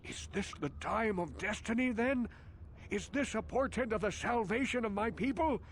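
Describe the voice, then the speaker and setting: Rukil, a solemn ancient outcast. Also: male voice, high-pitched, animated, moderate pace, slight background noise. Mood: pleading. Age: older. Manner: solemn, theatrical questioning. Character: ancient wise male outcast elder, grandly pleading. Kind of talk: video game voice acting.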